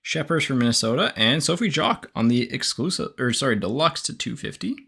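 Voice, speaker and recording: A man's voice: medium pitch, fairly quick, vocal fry, husky. A man hosting a card break, reading out player names and teams in a casual, self-correcting way with lots of fillers. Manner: reads out player names and teams in a steady list, with frequent "uh" fillers. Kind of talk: live card-opening commentary.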